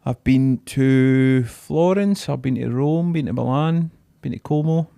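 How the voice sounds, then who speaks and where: A man's voice: medium pitch, measured pace, creaky, warm tone, smooth, no echo, clean studio sound. A Scottish man in his thirties co-hosting a podcast, asking questions in sweary, laddish banter. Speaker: podcast co-host. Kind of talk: casual chat.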